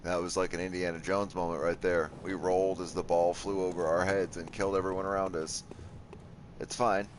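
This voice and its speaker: A man's voice: deep voice, level tone, fairly quick, few pauses, slight background noise. A man casually commenting on his gameplay, joking, swearing and talking to the enemies on screen. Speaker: gameplay streamer. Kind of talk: casual let's-play commentary.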